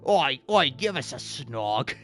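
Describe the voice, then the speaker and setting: A man putting on a gruff, shouting voice as a crude, cheeky male orc soldier, in an exaggerated fake British accent. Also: mid-range voice, very animated, slow, faint music behind. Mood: leering.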